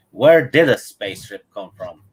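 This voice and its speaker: Laid-back male co-host, very low and husky, dry humor. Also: lively intonation, measured pace. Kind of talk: casual chat.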